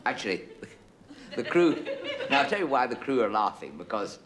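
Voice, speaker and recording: A man's voice: mid-range voice, sing-song, normal speed. A man with an English accent telling a rambling comic monologue to a studio audience, digressing and chuckling as he goes. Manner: digressive, self-interrupting, chuckling. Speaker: comedian. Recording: loud background hiss, live audience laughter.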